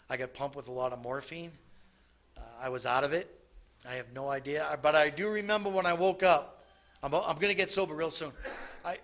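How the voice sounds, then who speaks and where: A man giving a halting personal testimony at a recovery meeting, full of restarts and pauses. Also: a little high, sharp tone. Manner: halting, many restarts and ums.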